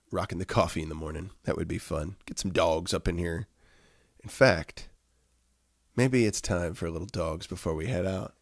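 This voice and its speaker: Chatty man hosting a home livestream. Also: low voice. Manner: rambling with fillers, coos at his dogs. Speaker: livestream host. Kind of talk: casual morning livestream chat.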